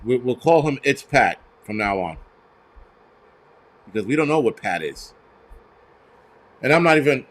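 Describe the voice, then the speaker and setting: A man's voice: medium pitch, sing-song, unhurried, pauses often. A man hosting a show, ranting heatedly with lots of swearing and stumbling restarts. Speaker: host. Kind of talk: profane ranting commentary.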